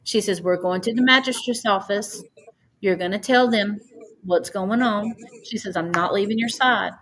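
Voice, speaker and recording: A woman's voice: mid-range voice, normal speed, fairly bright tone, low-quality recording. A woman, a podcast guest earnestly recounting a personal story and quoting others at length. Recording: faint background noise.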